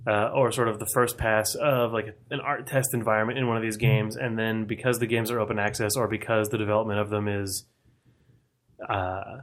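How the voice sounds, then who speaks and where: A man co-hosting a casual podcast chat, thinking out loud in long, winding sentences. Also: fairly low pitch, flat delivery, brisk. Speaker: podcast co-host.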